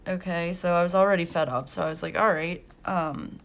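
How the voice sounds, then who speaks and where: A young woman runs a coloring channel and chats casually while she colors, sharing work stories full of laughs and fillers. Her voice is on the low side, brisk, with fairly even intonation.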